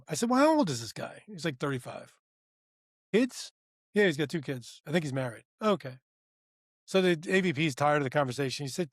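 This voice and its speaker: A man telling a story on a podcast in a slightly high voice. He jumps between speakers, acting out each side of the talk with lively shifts. The sound is close and dry, with no room echo. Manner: animated, acts out both sides of conversations; rambling, repeats "right?" and "I go". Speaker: podcast co-host. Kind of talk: casual storytelling.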